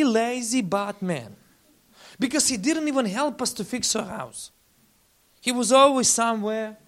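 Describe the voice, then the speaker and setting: A man, a faith-based relief leader giving a lively testimony talk with slides and acting out the people he quotes. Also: high-pitched. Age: 40s. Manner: animated storyteller, acts out quoted voices.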